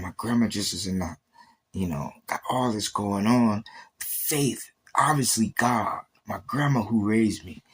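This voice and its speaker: A man's voice: fairly low pitch, fairly bright tone, slightly rough. A man on a livestream giving an intense, emotional faith testimony, repeating himself and acting out quoted exchanges.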